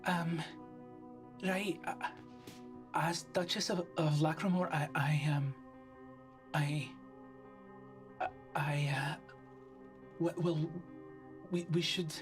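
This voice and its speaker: A man's voice: a little high, fairly even intonation, slow, long pauses, faint music behind, voice pushed up. A man doing a stammering, nervous duchess. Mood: panicked. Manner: stammering, hesitant. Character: nervous young female duchess.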